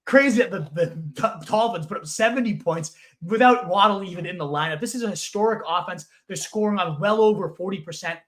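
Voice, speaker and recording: A young man co-hosting a fantasy football show, talking in casual, emphatic analysis with bursts of excitement. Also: high voice, a little fast. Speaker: fantasy football podcast co-host. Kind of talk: casual sports analysis chat.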